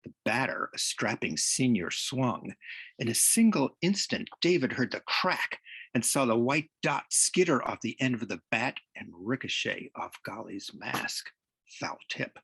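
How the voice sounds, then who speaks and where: A man reading aloud from his novel at a public reading, expressive and dramatic. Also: medium pitch, unhurried, creaky, husky, dry recording. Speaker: author reading his work. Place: reading series event.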